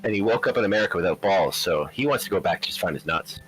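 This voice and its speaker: A man's voice: low-pitched, expressive, fast, faint music behind, low-quality recording. A man playing a cat in a tabletop game, cracking crude jokes. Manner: jokey, crude banter. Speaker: player.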